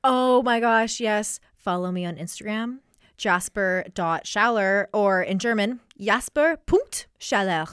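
A woman's voice: mid-range voice, measured pace, fairly bright tone, smooth, dry recording, clean studio sound. A woman appearing as a guest on a campus radio show, teasing and giggling in casual chat. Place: radio studio.

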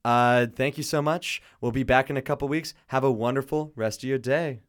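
A man's voice: mid-range voice, steady tone, normal speed, smooth. A man hosting a campus radio show in the studio, chatting casually and laughing often. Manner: playful, laughing, jokey.

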